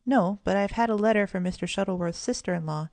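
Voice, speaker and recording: A woman voicing a sensible, kindly mother of two children, speaking gravely and gently. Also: mid-range voice, fast talker, no room sound, lightly acted. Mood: gentle.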